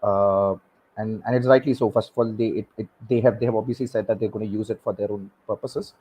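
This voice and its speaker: A man, speaking as a guest expert on a panel, halting and repeating words with many fillers. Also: fairly low pitch, fairly even intonation, warm tone, husky, poor audio. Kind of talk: panel discussion.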